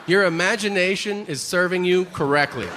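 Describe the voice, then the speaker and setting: A man's voice: high voice, moderate pace, long reverb tail, background noise. A man doing a stand-up comedy routine on stage before a live audience, telling profane stories and acting out the characters in them.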